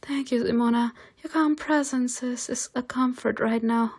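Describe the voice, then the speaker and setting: A woman voicing a heartbroken female angel teacher who grieves for her sister, in a soft, hushed and trembling voice. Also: a little high, fairly even intonation, normal speed, slightly rough. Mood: grieving.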